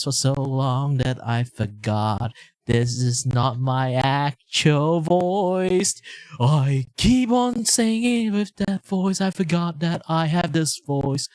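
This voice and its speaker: A man's voice: fairly high pitch, darkish tone, no room sound. A man making casual chat on a live art stream, rambling and half-singing his words. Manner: rambling, half-sung, slow and drawn out.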